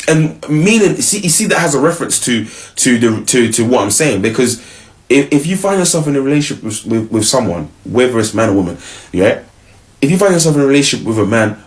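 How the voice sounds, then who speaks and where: A man's voice: medium pitch, sing-song, brisk. A man giving casual relationship advice, slangy and acting out both partners.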